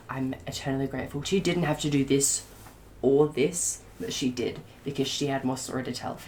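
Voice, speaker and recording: A woman book reviewer in a casual spoiler rant to camera, gushing and excitable, often restarting her sentences. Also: a bass voice, a little hiss or hum.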